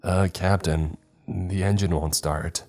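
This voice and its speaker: A man's voice: deep voice, fairly even intonation, slow pace, darkish tone, faint music behind. A man voicing a hesitant male ship pilot who stalls before speaking.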